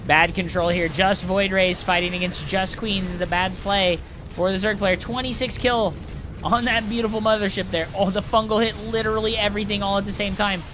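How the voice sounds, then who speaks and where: A man streaming live, casting a strategy game and chatting with viewers in an excitable, jokey way. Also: high-pitched, a little fast, background noise. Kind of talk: live game commentary and chat.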